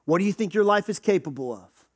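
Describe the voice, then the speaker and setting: A man with a high voice preaches a sermon. His delivery is conversational, and he breaks into quick acted voices for the people in the stories he tells. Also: animated, breathy edge. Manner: conversational, acts out quoted voices. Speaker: pastor.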